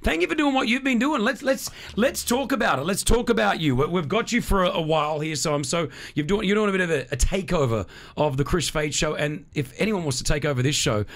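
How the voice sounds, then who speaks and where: A man's voice: high voice, fast, hardly any pauses, fairly bright tone. A man with an Australian accent hosting a radio studio interview, introducing his guest with enthusiastic, gushing praise. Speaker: radio host.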